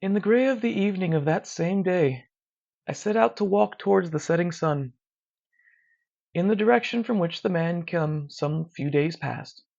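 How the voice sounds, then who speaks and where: Gravelly, hushed horror storyteller. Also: medium pitch, moderate pace. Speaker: narrator. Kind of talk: scripted horror story narration. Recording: dull lo-fi recording.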